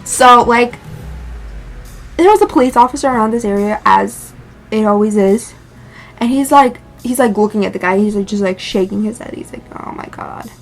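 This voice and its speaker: A young woman vlogger casually telling a dramatic story, animated and filled with "like" and swearing. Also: normal speed, faint music behind. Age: young adult. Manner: animated, lots of "like", swears, rises in pitch when excited.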